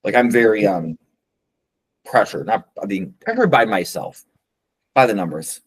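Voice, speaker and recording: A man's voice: lowish voice, lively intonation, moderate pace, breathy edge, poor audio. A man co-hosting a casual podcast chat, rambling with stammered repeats and tangents. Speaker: podcast co-host. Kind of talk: casual chat about conlang sound changes.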